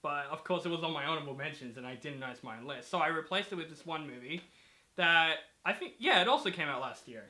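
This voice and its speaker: A man's voice: a little high, animated, fast talker, sharp tone. A man hosting a casual movie review chat, talking in a rambling, enthusiastic way with many fillers. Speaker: host of a movie review channel.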